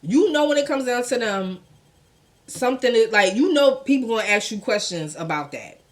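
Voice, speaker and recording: A woman's voice: fairly high pitch, animated, normal speed. A woman hosting a casual gossip commentary show, blunt and profane, talking in with laughing asides.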